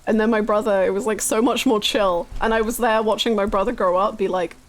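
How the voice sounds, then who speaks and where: A young woman streaming a video game from home, chatting, laughing and telling stories in an animated way. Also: medium pitch, fairly quick. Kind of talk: casual chat while playing a game. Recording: music from the game behind. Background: game music.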